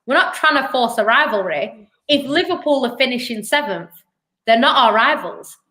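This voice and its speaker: A woman's voice: fairly high pitch, lively intonation, normal speed, pushed and bright. A woman co-hosting a live football fan show, making her case in a chatty, argumentative way. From Manchester, England. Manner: chatty, argumentative, lots of "do you know what I mean". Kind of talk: casual live-stream football chat.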